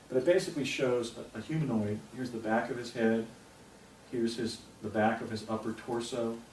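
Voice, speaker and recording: A middle-aged man from New Jersey talks through a slide presentation, wandering into asides and restarting his sentences. His voice sits on the low side and is picked up from across a reverberant room. A faint hiss runs underneath. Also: a little mellow. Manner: rambling storyteller with restarts and asides. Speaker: speaker giving a presentation. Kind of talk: anecdotal public talk. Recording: echoey room, distant mic, faint noise.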